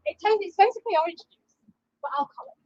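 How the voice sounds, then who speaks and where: A woman's voice: very high voice, lively intonation, quick pace, a little mellow, dry recording, muffled recording. A woman who works at the bottle shop, chatting candidly and bubbly with frequent laughter. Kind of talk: casual chat.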